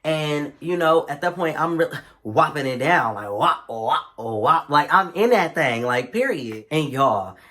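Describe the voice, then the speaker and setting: A young man vlogger telling a casual storytime in a chatty, slangy, animated way. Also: fairly high pitch, a little slow.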